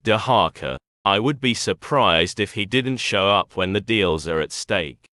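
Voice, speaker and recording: Growling curt man as a narrator does him, low pitch, forceful edge. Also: animated, a little slow, no room sound, studio quality. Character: principled, short-tempered man guarding his daughter.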